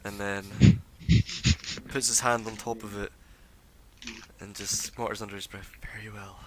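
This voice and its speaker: Guy dming a tabletop game, slow and flat, kinda bright sounding. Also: on the low side, low-quality recording. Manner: relaxed, unhurried storytelling with fillers. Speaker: game master.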